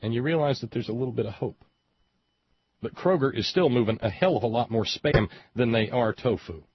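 A man's voice: medium pitch, a little fast, breathy edge. A man from West Virginia giving a rambling, sardonic commentary monologue with frequent hesitations. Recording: dull lo-fi audio, dry.

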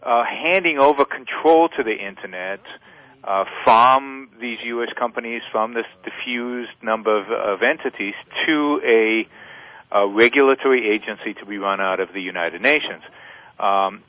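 A man calling in as a guest on a radio talk show, explaining his views in a measured way with frequent fillers. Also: fairly low pitch, no echo. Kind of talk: radio interview. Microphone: phone line. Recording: tinny phone-line audio.

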